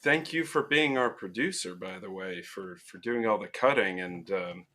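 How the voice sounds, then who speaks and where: A man's voice: sits low, pushed and bright. A man co-hosting a podcast, trading jokes and teasing banter in a casual chat. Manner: joking, teasing, drawn-out delivery. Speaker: podcast co-host.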